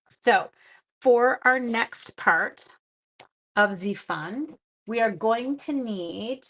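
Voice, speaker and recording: A woman talks her viewers through a paper craft on a casual livestream. She is chatty and giggly and pokes fun at herself as she works. Her voice sits in an ordinary middle pitch. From Canada. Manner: chatty, giggly and self-deprecating. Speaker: craft class host and schoolteacher.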